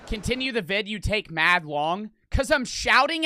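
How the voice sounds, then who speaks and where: A young man streaming live, reacting to videos and reading out donations in a loud, blunt, heavily profane way, often breaking into awkward laughter. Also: high voice, expressive, a little slow, hardly any pauses, a little hiss or hum.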